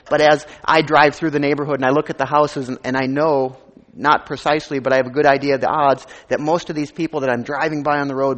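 Pastor guy preaching, kinda high voice, earnest and chatty, big echoey church hall. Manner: earnest, conversational preaching with rising emphasis. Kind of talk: sermon. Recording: long hall reverb.

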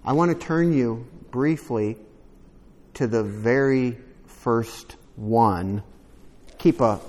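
A man's voice: lowish voice, darkish tone, big-room sound. A man preaching a sermon, reading scripture aloud with rising emphasis and adding conversational asides to the congregation. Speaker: pastor.

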